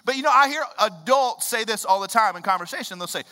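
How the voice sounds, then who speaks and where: A man in his thirties preaching a sermon in a church, swinging from loud emphatic bursts to low hushed lines. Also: lively intonation, quick pace, in a large hall, soft background music. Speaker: pastor. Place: church sanctuary.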